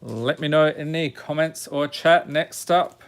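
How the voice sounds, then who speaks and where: A man hosts a relaxed live stream, reading names aloud one after another at an unhurried pace. His voice sits slightly higher than most men's. He keeps a chatty, joking tone with the people watching. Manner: reads item names one by one, jokes with viewers. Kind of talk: casual live-stream chat while opening card packs.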